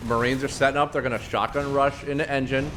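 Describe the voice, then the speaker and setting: A man from Florida calls a live esports match in a plain, mid-pitched voice, rattling off players and moves with frequent "um"s and quick self-corrections. His throat is strained and scratchy from allergies. Faint game sounds and gunfire sit quietly behind him. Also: fairly even intonation. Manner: rapid play-by-play with frequent fillers and self-corrections. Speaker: esports commentator. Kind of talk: live play-by-play game commentary.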